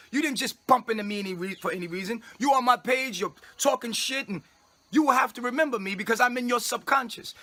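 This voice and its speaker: Guy on a livestream preaching at his followers, high bright husky voice, bossy and grand. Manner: commanding, grandiose proclaiming; repetitive, scolding tone at listeners. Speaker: self-styled spiritual leader addressing followers.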